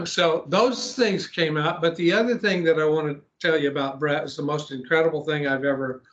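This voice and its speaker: A man, a pastor, telling a long story in an interview, earnest, with frequent restarts and throat clearing. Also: on the high side, fairly even intonation, normal speed, a bit bright, dull audio. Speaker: pastor and exorcist guest.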